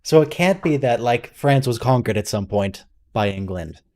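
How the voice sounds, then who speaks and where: Man, casual running commentary, wry and quizzical, warm mellow tone. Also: mid-range voice, lively intonation, normal speed. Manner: wry, quizzical, thinking aloud. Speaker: host of a watch-along.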